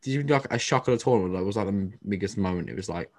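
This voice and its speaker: Fast-talking young man, teasing banter. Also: fairly low pitch, expressive, darkish tone. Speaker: podcast host. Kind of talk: casual football chat.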